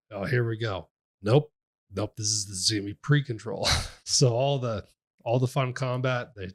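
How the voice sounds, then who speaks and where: A man co-hosting a games podcast, retelling what he played in a rambling, animated way with frequent laughs. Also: fairly low pitch. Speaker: podcast co-host. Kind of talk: casual game review chat.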